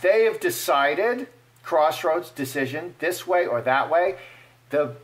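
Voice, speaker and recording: A man giving casual fortune-telling commentary as he reads cards, animated and playful, acting out imagined speech. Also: fairly high pitch, slow. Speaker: card reader.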